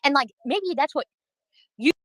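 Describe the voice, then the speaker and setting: A woman's voice: sits high, lively intonation, moderate pace, dry recording, low-quality recording. A woman livestreaming, venting in a heated, profane rant while answering her chat.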